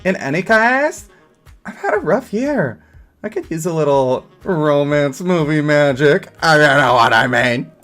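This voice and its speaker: Man doing a pleading melon gal, broke and independent, fairly high voice, faint game music behind. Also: animated, measured pace, a bit bright. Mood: wistful. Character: broke independent young female melon date.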